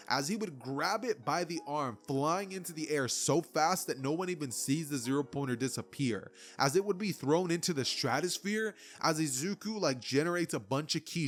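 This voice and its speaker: A young man tells an anime what-if story in a loose, chatty way, leaning on fillers. His voice sits slightly high, with faint music running underneath. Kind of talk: casual fan story narration.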